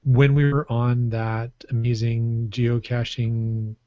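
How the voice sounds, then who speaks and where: A man's voice: mid-range voice, little pitch movement, slow, mellow, no room sound. A man co-hosting a podcast in casual chat, rambling through his stories and laughing often. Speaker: podcast co-host. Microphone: microphone on a stand. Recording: muffled, dry podcast audio.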